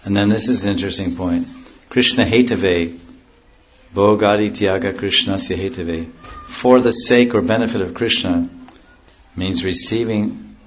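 On dull audio, a man whose voice sits on the low side speaks at normal speed while teaching a devotional class. The spiritual teacher strays into stories, loses his thread, and translates scripture terms into everyday words.

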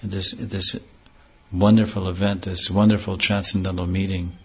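A man giving a devotional scripture lecture, slowly chanting verses and then explaining them earnestly, on a dull lo-fi recording. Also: deep voice, little pitch movement, gravelly, fairly bright tone, breathy edge. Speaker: spiritual teacher.

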